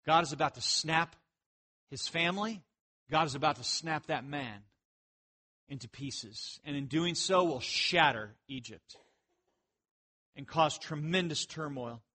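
A man preaching a sermon, telling jokey stories and breaking into animated outbursts. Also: a little high, unhurried, long pauses. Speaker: pastor.

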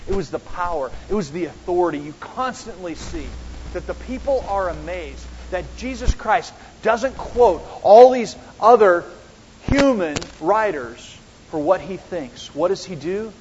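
A man's voice: sits high, expressive, measured pace, a little hiss or hum. A man preaching a Bible study in a conversational way, asking his listeners rhetorical questions. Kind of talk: sermon-style Bible teaching. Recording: dull lo-fi sound with long hall reverb.

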